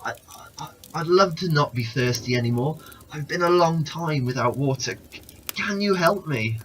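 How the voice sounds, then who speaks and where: A frightened desert wanderer stutters out his words in a dry croak, as a man reads him aloud in a storybook. His voice jumps high and uneven, dizzy and worn thin from days without water. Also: lively intonation, normal speed, fairly bright tone, slight background noise. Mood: pleading. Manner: stammering, croaking and pleading. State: dizzy and weak from thirst.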